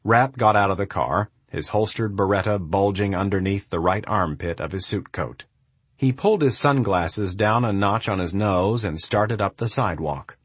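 A man narrating a thriller audiobook in a steady, measured storytelling manner. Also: fairly low pitch, slightly rough, no echo. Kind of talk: scripted narration.

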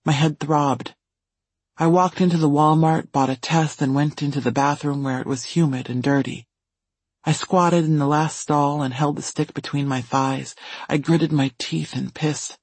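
Man for steady first-person audiobook narration, husky, slightly high voice. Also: moderate pace, no echo.

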